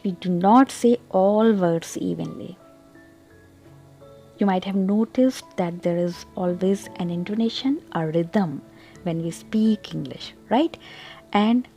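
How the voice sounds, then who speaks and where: A woman teaching English pronunciation in a slow, deliberate lesson, repeating example words and checking in with "okay?". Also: mid-range voice, vocal fry, dark tone, slightly rough.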